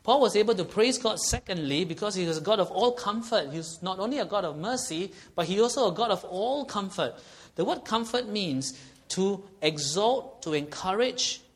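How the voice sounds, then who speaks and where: A man's voice: sits high, lively intonation, moderate pace. A man preaching a sermon, earnest and often checking in with the congregation. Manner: earnest, asks the congregation frequent questions.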